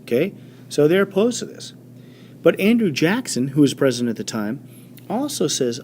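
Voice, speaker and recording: A man teaching a history lesson in an animated storytelling way, with many fillers and quick voiced quotes. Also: a little high, slight background noise. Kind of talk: classroom history lecture.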